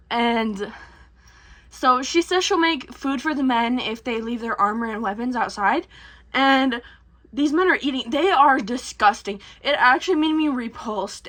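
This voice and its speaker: Brief: a high-voiced woman, chatty recap, slangy and full of swearing. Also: a little slow, a bit bright. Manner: rambling, slangy, swears a lot. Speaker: vlogger. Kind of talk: casual movie recap.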